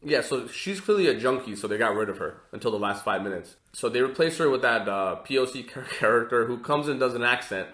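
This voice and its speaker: A man's voice: mid-range voice, expressive, brisk, few pauses, a bit bright. Man, podcast co-host, opinionated, hesitant, mid-range voice, roomy echo. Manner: hesitant, many fillers, opinionated. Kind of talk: casual chat.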